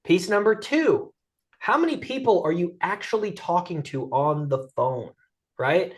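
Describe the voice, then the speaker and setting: An energetic, middle-aged male sales coach talks through a webinar presentation in a lively, conversational way. His voice sits a bit higher than most men's, and he keeps tagging his points with quick check-ins to the audience. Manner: energetic, conversational, peppers lines with "right?" and "guys". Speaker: guest speaker and sales coach.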